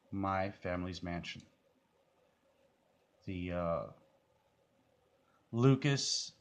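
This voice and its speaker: A man giving casual, rambling commentary on a music video, full of fillers and restarts. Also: fairly low pitch.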